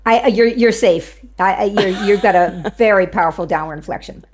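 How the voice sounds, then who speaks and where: A woman's voice: medium pitch, steady tone, moderate pace. A woman communication coach, a guest on a show, explaining tips confidently and laughing easily. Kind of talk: interview guest.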